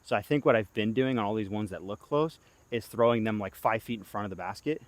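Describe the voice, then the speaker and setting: A man's voice: on the low side, fast talker, dry recording. A young man films himself outdoors and talks through every throw. His running commentary swings between hyped pleading and groaning, with insects chirping in the background. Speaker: disc golf vlogger. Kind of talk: self-filmed play-by-play commentary. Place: outdoor disc golf course.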